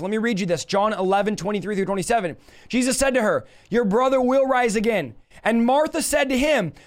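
A young man preaching on a livestream with a high-pitched voice. He teaches with emphatic energy and calls out to viewers. He reads scripture aloud and presses his points.

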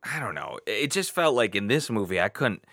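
A young man chatting about a film in a bright, lively voice that swoops up and down. He stumbles and restarts often, recorded close and dry. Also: fairly low pitch, brisk, dry recording. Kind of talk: casual film discussion.

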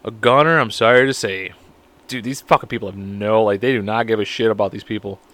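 A man's voice: fairly low pitch, a little fast, fairly bright tone. A man in his thirties hosting a podcast alone, reading stories aloud and breaking into laughing, profane commentary. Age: 30s. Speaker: podcast host.

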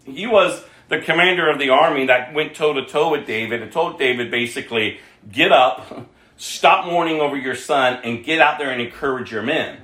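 A man's voice: medium pitch, normal speed, sharp tone, reverberant. A man preaching a sermon, reading scripture aloud and breaking off to explain it conversationally.

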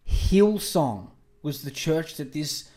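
A crude, animated man in his twenties tells a long story on a podcast. His voice sits a little high for a man. The room rings with a roomy echo. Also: slow pace. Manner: crude, animated, acts out quotes in raised voices. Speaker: podcast host. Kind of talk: casual storytelling monologue.

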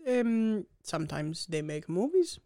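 Woman as earnest musical fan, teasing, lively pitch, dry close sound, improv comedy. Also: unhurried, no echo. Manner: earnest, teasing, hesitant with ums.

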